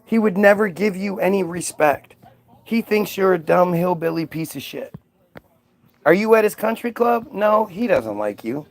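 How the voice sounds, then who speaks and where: High-voiced man ranting sarcastically. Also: expressive, moderate pace, vocal fry. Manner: profane, sarcastic, exasperated. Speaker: vlogger. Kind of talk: casual ranting monologue.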